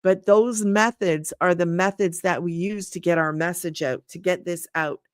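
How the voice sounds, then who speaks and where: An older woman hosting a casual live stream. She pitches an online business to viewers, thanks them by name and repeats herself often. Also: steady tone, moderate pace, no room sound, clean studio sound. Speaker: livestream host selling an online business program. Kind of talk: casual livestream sales talk.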